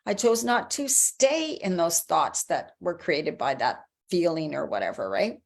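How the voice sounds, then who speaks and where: A woman's voice: on the low side, sing-song, measured pace, vocal fry. A woman, around her forties, giving an encouraging, conversational motivational talk as a life coach. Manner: encouraging, conversational, acts out inner voices.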